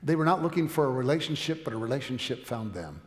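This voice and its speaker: A male pastor preaching a sermon with a story, dramatic, swinging from loud emphasis down to near-whispers. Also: mid-range voice, expressive, fast. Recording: echoey hall with long reverb.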